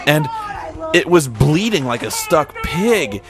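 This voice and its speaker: A man's voice: a little high, sing-song, slow pace. A man giving a casual, rambling film commentary, full of restarts and fillers, often laughing. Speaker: commentary host.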